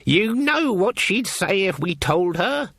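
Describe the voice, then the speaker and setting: A man's voice: high voice, sing-song, a bit bright, dry recording, studio quality, pitched above the performer's own voice, exaggerated voice. A man putting on an icy old witch woman. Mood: stern. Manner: icy, slow, sarcastic. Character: stern old female witch, cold and cutting.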